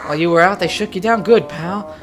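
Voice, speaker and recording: A woman's voice: fairly low pitch, brisk, over music, close to an everyday voice. A woman voicing a cocky, streetwise male mole creature with a New York accent, chummy and brash. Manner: brash, chummy, calls listener pal.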